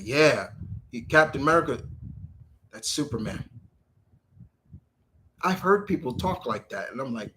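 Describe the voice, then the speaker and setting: Excitable man ranting on a stream. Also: fairly high pitch, normal speed, pauses often. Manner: animated, repetitive restarts, swears freely. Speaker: streamer answering viewer questions. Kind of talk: casual live-stream rant.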